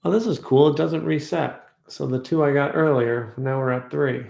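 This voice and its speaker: Guy vlogging about his week, rambly and reflective, kinda gravelly, roomy echo. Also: mid-range voice, darkish tone. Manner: reflective, rambling, repeats affirmations slowly. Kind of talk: casual personal vlog storytelling.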